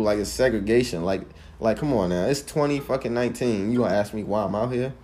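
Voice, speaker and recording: A man's voice: mid-range voice, darkish tone, a little hiss or hum. Heated young man telling a story. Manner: emphatic, heated storytelling, frequent swearing. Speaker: podcaster. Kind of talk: casual monologue.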